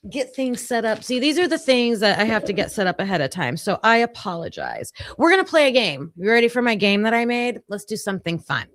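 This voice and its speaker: A woman's voice: fairly high pitch, sing-song, brisk, hardly any pauses, fairly bright tone, no room sound. A woman hosting a true crime livestream, chatting casually and flustered while sorting out her computer setup. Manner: flustered, chatty, self-talking while fixing tech. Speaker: true crime show host.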